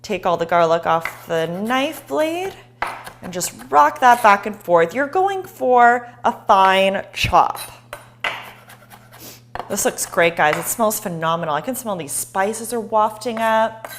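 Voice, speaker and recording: A woman's voice: medium pitch, lively intonation, takes it slowly, a little hiss or hum. Woman, cooking show host, chatty, encouraging, live kitchen demo. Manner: chatty and encouraging, talking to viewers.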